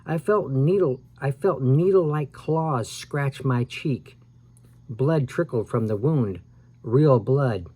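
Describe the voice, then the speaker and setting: Male storyteller, mid-pitched voice, expressive read-aloud of a spooky kids' book, small self-corrections. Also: takes it slowly. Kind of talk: dramatic read-aloud of a scary children's story.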